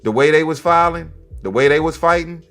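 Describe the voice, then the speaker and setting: A man hosting a comedy commentary show, animated and mocking, swinging between loud exclamations and low mutters. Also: brisk, soft background music. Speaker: host.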